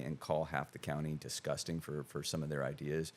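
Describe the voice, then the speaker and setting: A man's voice: rumbling low, fairly even intonation, moderate pace. A middle-aged man, a guest on a podcast, talking frankly and casually and laughing at his own jokes, recorded close on a studio mic. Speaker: guest, district attorney candidate.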